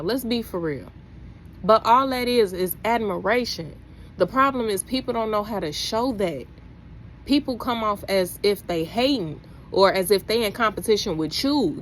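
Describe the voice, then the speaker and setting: A young adult woman, talking casually to camera about faith, preachy and animated, with her voice climbing when she exclaims. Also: fairly high pitch, slight background noise. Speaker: faith vlogger.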